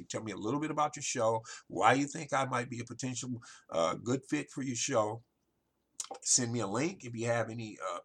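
Male podcast host, salesy and gravelly, slightly husky. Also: medium pitch. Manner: salesy, repeats "ladies and gentlemen". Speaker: podcast host, marketing consultant. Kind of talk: solo podcast monologue.

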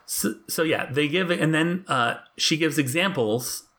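A man's voice: a little high, animated, a little slow, a bit bright. A man co-hosting a casual podcast, talking in a wry, joking way and laughing often. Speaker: podcast co-host. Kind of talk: casual chat.

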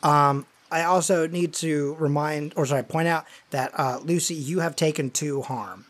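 A man's voice: fairly high pitch, fairly even intonation, moderate pace, a bit bright. A man narrating a tabletop game as game master, rambling and full of fillers like "like" and "you know".

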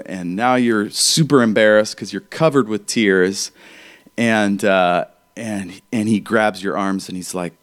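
A man's voice: lowish voice, a little slow. A man narrating as game master in a tabletop game, rambling with fillers and restarts.

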